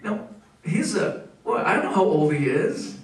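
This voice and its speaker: A middle-aged man preaching a sermon as pastor, animated and leading the congregation in call-and-response. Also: sits high, a little slow, roomy sound, distant mic, noisy background. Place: church sanctuary.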